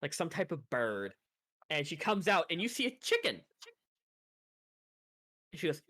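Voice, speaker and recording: Woman DM, animated storyteller, lively bright voice, dry close sound. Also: low voice, moderate pace, long pauses, no room sound. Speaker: dungeon master. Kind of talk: narrating a tabletop game.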